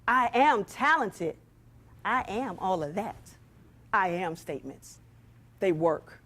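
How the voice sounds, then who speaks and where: On stage, a woman with a slightly high voice delivers a motivational talk. She addresses the audience head-on, her lively cadence sounding much like a preacher's.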